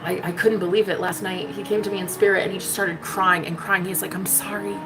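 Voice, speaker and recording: A fast-talking woman with a lowish, steady voice pours out an emphatic spiritual monologue about love, full of sass, frequent profanity and "honey." Music plays in the background of the low-quality recording.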